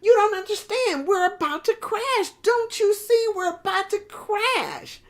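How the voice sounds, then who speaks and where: A woman voicing a male ocean wave that panics as it sees the shore coming, her voice pushed high and loud. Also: expressive, measured pace. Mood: frantic. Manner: alarmed, high-pitched shouting.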